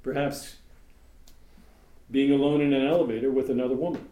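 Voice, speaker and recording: Guy teaching his congregation, relaxed mellow voice, roomy echo, chatty w/ jokes and ums. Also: mid-range voice, a little fast. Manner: conversational, joking asides, many fillers. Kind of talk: informal sermon. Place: meeting room with congregation. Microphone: room mic for live stream. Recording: echoey room, faint background hum.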